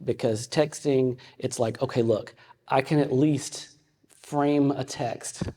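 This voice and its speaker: A man in his fifties teaching a ministry audience in a conversational way, telling personal stories with frequent halting restarts. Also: mid-range voice, fairly even intonation, mellow, slight background noise. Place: meeting room with an audience. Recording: long hall reverb.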